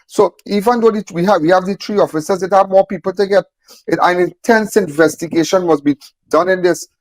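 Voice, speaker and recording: A man's voice: high voice, a little fast, no room sound. A man speaking emphatically, repeating phrases and firing off rhetorical questions. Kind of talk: impassioned on-camera talk.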